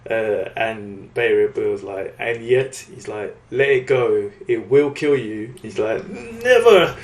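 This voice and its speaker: A man's voice: on the low side, steady tone, measured pace, a little mellow. Rambling man recapping comics, echoey room. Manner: rambling, acts out characters' lines. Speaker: podcast co-host. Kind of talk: casual comic book recap.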